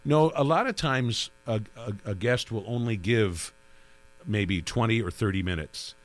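Low-voiced man, rambling radio host. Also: measured pace. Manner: rambling, with restarts and filler. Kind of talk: conversational interview.

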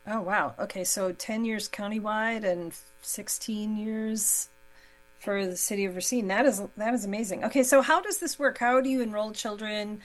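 A woman's voice: medium pitch, moderate pace, low-quality recording. A woman moderating a local radio interview show, friendly and chatty, now and then tripping over her words.

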